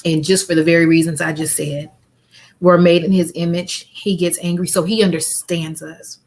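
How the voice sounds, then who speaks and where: A woman in her fifties hosts a faith-based chat from home over a video call, her voice sitting a little low. She talks earnestly as a grief counselor, asking rhetorical questions and repeating her key lines for weight. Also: little pitch movement, normal speed, darkish tone. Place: at home with family around.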